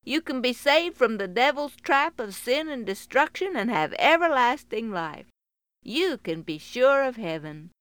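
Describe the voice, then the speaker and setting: A woman's voice: on the high side, a bit bright, clean tone, no echo. A woman telling a story to children on the radio and then making an earnest, pleading gospel appeal.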